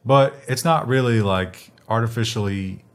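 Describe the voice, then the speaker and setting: A man's voice: mid-range voice, moderate pace, clear, resonant tone. A man co-hosting a tech news show in casual chat, rambling with many fillers and restarts.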